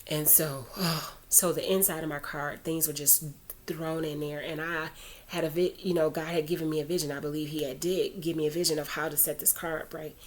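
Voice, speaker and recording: This low-voiced woman talks briskly and with fairly even intonation as she tells viewers a personal story about her faith. The vlog is casual and meandering, full of side comments, and she turns earnest when urging people to pray.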